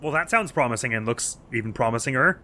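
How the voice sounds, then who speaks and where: A man's voice: mid-range voice, animated, fast talker, sharp tone, a little hiss or hum. Playful man commentating gameplay. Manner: playful, chatty, laughs often. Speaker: let's play host.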